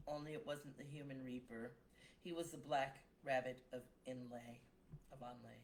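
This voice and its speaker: Woman slowly reading her dark poetry. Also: rumbling low, a little hiss or hum, poor audio. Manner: slow, measured reading with brief casual asides between poems. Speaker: poet reading own work. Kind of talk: live-streamed poetry reading.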